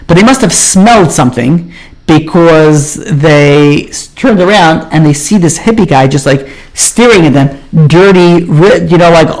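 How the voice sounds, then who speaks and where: A man with a fairly high voice delivers a sermon as a story. He speaks casually and loosely, leaning on "you know" and "like" as he goes. His delivery is conversational rather than formal. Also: a little mellow. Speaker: rabbi.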